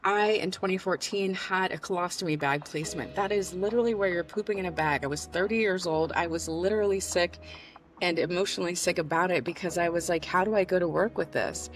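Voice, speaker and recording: A woman's voice: fairly low pitch, a little fast. A woman in her forties, a somatic coach, giving a candid, casual motivational pep talk that guides the listener through breathing and swears now and then. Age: 40s.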